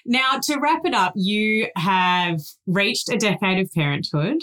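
A woman's voice: medium pitch, expressive, a little slow, fairly bright tone. Wry woman podcast host. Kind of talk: casual interviewing.

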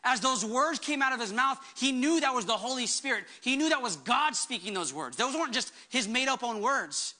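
A woman's voice: a little high, animated, brisk, hardly any pauses, sharp tone. A woman pastor delivering a sermon with emphatic preaching, acting out the words she quotes.

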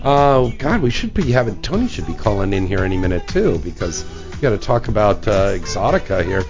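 Joking male radio host, lively pitch. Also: brisk, muffled recording, soft background music. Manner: joking, loose, plugs and asides. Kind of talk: casual radio banter. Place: radio studio.

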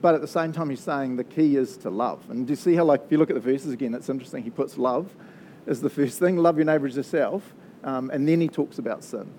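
A pastor with a New Zealand accent preaches a casual, conversational sermon, chatty and joking, often laughing at his own asides. His medium-pitched voice is warm and quick-paced. Slight background noise is audible.

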